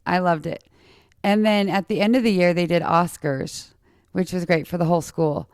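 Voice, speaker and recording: A woman's voice: on the low side, fairly even intonation, moderate pace, clear, resonant tone, no echo, studio quality. A woman in her forties from Utah with a lisp, chatting casually and telling personal stories straight to her listeners. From Utah, USA. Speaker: podcast host.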